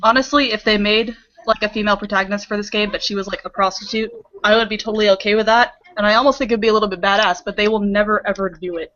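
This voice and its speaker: A woman from the United States chatting casually with friends, giving relaxed, sarcastic opinions. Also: mid-range voice, racing, lo-fi sound. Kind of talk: casual group chat.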